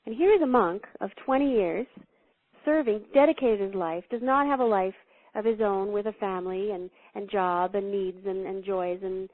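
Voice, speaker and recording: A woman spiritual teacher telling stories as an interview guest, animated and laughing, acting out the quotes she tells. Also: mid-range voice, normal speed, no room sound. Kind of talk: storytelling spiritual talk. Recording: thin phone-line sound, dry.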